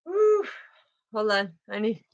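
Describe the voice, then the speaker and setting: A woman's voice: mid-range voice, steady tone, a little slow, a bit bright, lo-fi sound. A woman doing a spiritual card reading, talking in a fervent, emotional way and often repeating herself.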